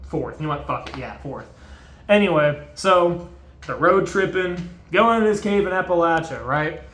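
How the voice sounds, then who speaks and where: A man's voice: fairly high pitch, animated, normal speed, fairly bright tone, echoey room. A man casually recapping a movie in a rambling, profane way, with many fillers. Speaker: video host.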